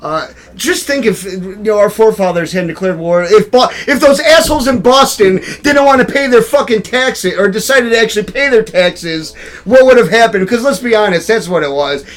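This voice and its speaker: A man's voice: sits high, expressive, normal speed, hardly any pauses. A young man hosting a live web show, reading odd news stories and riffing on them crudely with frequent laughter. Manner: laughs often, rambling and irreverent. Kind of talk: loose crude comedic news chat.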